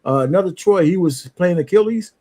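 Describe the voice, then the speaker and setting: A man co-hosting a podcast in casual chat, an animated storyteller who swears freely. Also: high-pitched, a little fast. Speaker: podcast co-host.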